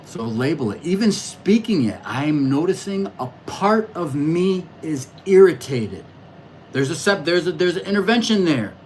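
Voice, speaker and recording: Rambling, excitable man hosting a livestream. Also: a little high, a little slow, slight background noise, rough recording. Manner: rambling and reflective, with frequent restarts and stammers; talks loudly and excitedly, addressing viewers in chat. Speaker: livestream host reading astrology charts. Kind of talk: casual livestream monologue.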